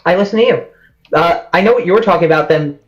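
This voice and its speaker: A man's voice: high-pitched, fast, dull audio. A man, a guest arguing casually on a stream and talking over the other speaker. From New York. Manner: laid-back, talks over the other man. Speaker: debate guest.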